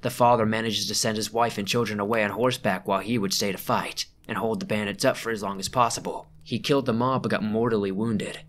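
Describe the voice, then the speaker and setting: A man reading out a first-person scary camping story as a narrator, measured and slowing down at the tense moments. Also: lowish voice, fairly even intonation, fairly bright tone, slight background noise. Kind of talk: scripted narration.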